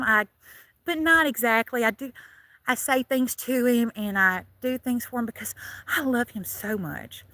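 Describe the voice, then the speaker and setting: A talkative woman with a Louisiana Southern drawl rambles on a casual live stream, laughing often and saying y'all. Her voice sits a little high. The sound is close and dry, from a phone she holds herself. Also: bright, forceful tone, no echo. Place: in and around a car.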